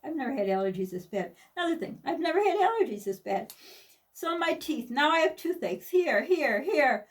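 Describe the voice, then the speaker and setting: A woman's voice: high-pitched, big pitch swings, normal speed, distant mic. A middle-aged woman from the United States, talking candidly and rambling in a personal vlog, with many restarts and asides. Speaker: vlogger.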